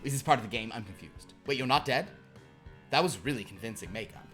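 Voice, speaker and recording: A man voicing an excitable, scatterbrained female party hostess who chatters and gets easily confused. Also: very deep voice, fast talker, faint music behind. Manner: chirpy, rambling, easily confused.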